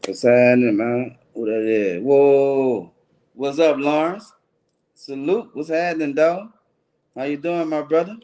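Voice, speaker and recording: A man's voice: medium pitch, unhurried, dark tone. A man hosting a casual livestream show, greeting viewers by name in loose slangy banter.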